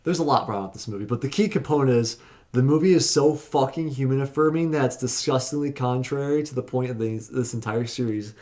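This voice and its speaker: A man's voice: mid-range voice, a little fast, a little mellow. Opinionated guest man on a podcast. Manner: frequent backchannel, opinionated. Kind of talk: casual chat, film criticism.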